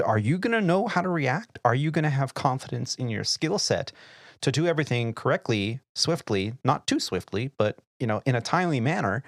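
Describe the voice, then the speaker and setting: A middle-aged man hosting an aviation podcast, telling flight-deck stories in a lively, casual way. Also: mid-range voice, brisk, no echo, clean studio sound. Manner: animated storyteller, acts out quoted voices and laughs. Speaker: podcast host and airline pilot. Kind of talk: casual storytelling chat.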